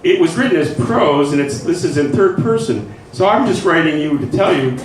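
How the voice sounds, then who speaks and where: A man with a slightly high, animated voice talks at a moderate pace while running a writing workshop. His informal, conversational lecture includes frequent check-ins with listeners, recorded from afar in an echoey room with faint noise.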